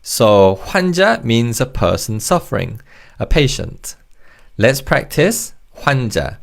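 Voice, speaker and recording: A man's voice: medium pitch, sing-song, moderate pace, vocal fry. A man teaching Korean vocabulary in English, explaining word parts and leading repeat-after-me drills in a patient, encouraging way. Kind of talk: language lesson narration.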